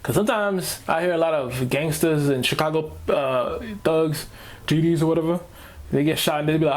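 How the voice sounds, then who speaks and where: A man's voice: a little high, fairly quick. A man hosting a reaction video, ranting casually in slang and repeating himself as he talks.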